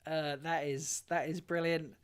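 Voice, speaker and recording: A woman's voice: low-pitched, fairly even intonation, unhurried. A woman hosting a casual fan talk show panel, laughing often and stumbling through her sentences.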